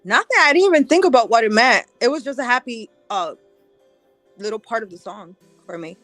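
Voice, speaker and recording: A woman's voice: fairly high pitch, lively intonation, fairly quick, fairly bright tone, no room sound, faint music behind. A woman who speaks English, explaining earnestly in casual podcast chat. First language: Spanish. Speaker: podcast co-host.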